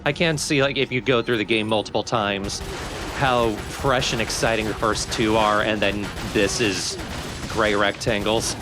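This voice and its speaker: A man co-hosting a game let's play, answering in a relaxed, thoughtful way. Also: lowish voice, a little slow, over music. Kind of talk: casual gameplay commentary.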